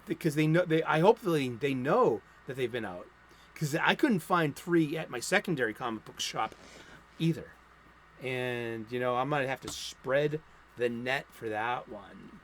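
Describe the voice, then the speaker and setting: Over a slight hiss or hum, a mid-range male voice with lively intonation moves at a moderate pace. He's an American hosting a casual comic book stream from his home studio, wandering through new releases and lashing out in angry, profane rants.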